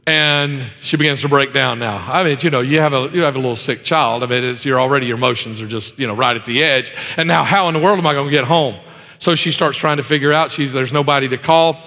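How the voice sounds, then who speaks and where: A pastor preaching a sermon, swinging between loud emphasis and hushed asides, telling folksy stories with many repetitions. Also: male voice, mid-range voice, fairly even intonation, fast talker, hardly any pauses, in a large hall.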